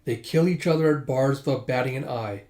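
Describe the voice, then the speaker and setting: A man's voice: mid-range voice, fairly quick, a little mellow, lightly acted. A man reading as a cold, stern older lord. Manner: reads lines aloud lightly voiced.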